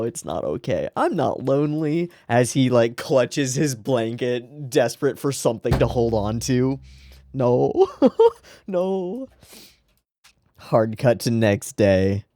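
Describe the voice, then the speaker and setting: A man's voice: mid-range voice, dark tone, no room sound, clean studio sound. A man hosting an anime reaction show, talking casually and emotionally and swearing freely as he comments.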